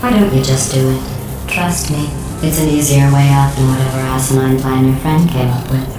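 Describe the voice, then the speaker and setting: A deadpan sarcastic AI computer, low voice, music behind. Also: female voice, distant mic. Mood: scornful. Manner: deadpan, mocking, slow and measured. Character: cold, sarcastic female AI computer. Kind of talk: video game voice acting. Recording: very echoey game audio with music.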